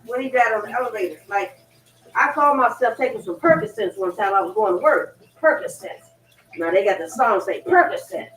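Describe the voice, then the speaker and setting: A woman's voice: fairly high pitch, expressive, fast talker, distant mic. A woman rambles in a blunt, unfiltered casual monologue, drifting from story to story. She sits away from the mic in a roomy, echoing kitchen. Dishes and pans clatter behind her. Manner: loose, blunt storytelling with profanity and laughs. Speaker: livestream host.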